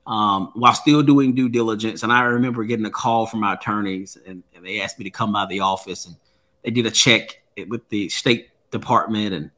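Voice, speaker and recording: A man's voice: fairly low pitch, steady tone, brisk, bright, forceful tone. A man who is a guest and author, telling a personal story in an interview in an earnest way and often repeating words as he starts a thought.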